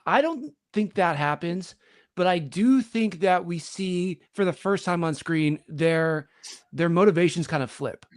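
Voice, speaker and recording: Upbeat casual man with a higher voice. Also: measured pace. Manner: laughs often, reads viewer questions. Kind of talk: casual group chat.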